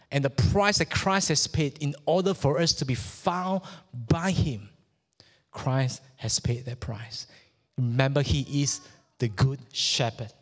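A middle-aged preacher from Malaysia delivers a sermon, his slightly raised voice halting on repeated words before surging with fervor. Long reverb from the hall trails each phrase. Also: on the high side. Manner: halting and repetitive, rising with fervor. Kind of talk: sermon with a personal story.

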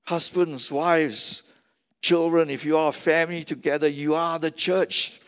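A man's voice: fairly high pitch, fairly even intonation, a little slow, clear, resonant tone. A man preaching a sermon as pastor, emphatic and repeating key phrases for stress, recorded in a large church hall. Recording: long reverb of a large hall.

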